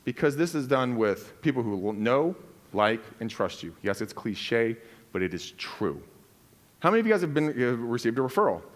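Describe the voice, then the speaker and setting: A man's voice: medium pitch, very animated, moderate pace. A man speaking to a live audience about real estate referrals, directly asking them questions. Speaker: real estate agent on a panel. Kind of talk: live seminar teaching.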